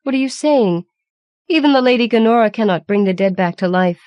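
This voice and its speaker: A woman voices a devoted young woman in a storybook fantasy, her voice lifted higher and urgent. She pleads and presses, anxious for the man she loves, in a dry close recording. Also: expressive, fairly quick, a little mellow, clear, resonant tone, dry recording, dull audio, natural voice.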